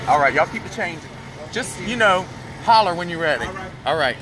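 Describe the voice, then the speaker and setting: A man's voice: high-pitched, lively intonation, brisk, background noise. A man chatting sassily to viewers on a phone live stream from his car. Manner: chatty, sassy, calls viewers y'all and honey. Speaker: vlogger doing a live stream. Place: in a car in the rain.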